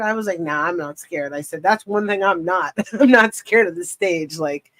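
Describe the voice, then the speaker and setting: Animated young woman telling a casual story. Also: on the low side, dry recording, low-quality recording. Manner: animated, swearing, quick laughs while telling a story. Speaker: podcast guest.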